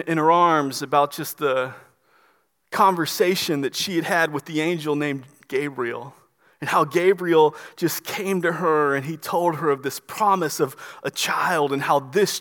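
A male pastor with a fairly high voice delivers a lively storytelling sermon. He trips and restarts on his words as he pushes forward. The delivery feels spontaneous rather than read. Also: in a large hall. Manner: animated, stammering restarts, dramatic retelling.

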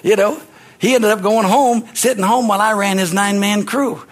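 A middle-aged male pastor preaching a fervent sermon, with a husky voice, swinging from low murmurs to shouted bursts and calling for amens. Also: steady tone, normal speed. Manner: asks the congregation for amens.

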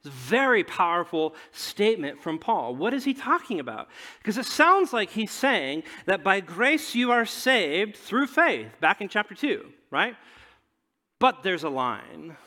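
A male pastor preaching a conversational sermon in a church room, peppering his points with questions and swinging between emphatic and hushed delivery. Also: high-pitched, big pitch swings, a little slow, big-room sound.

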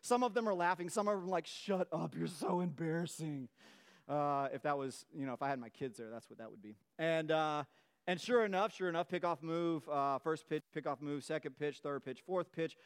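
A middle-aged man, preaching a sermon in a relaxed, conversational way and telling a playful story from his youth. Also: a little high, fairly quick, smooth. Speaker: pastor.

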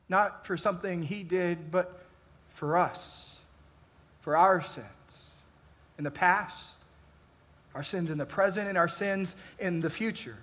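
A pastor delivering a sermon, measured and emphatic, building intensity and then easing off. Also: male voice, sits high, fairly bright tone. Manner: measured, emphatic preaching with rising and falling intensity.

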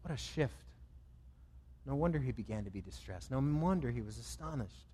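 A man's voice: medium pitch, expressive, normal speed, dark tone, husky, in a large hall. A man preaching a sermon as pastor, with an emphatic, repetitive cadence.

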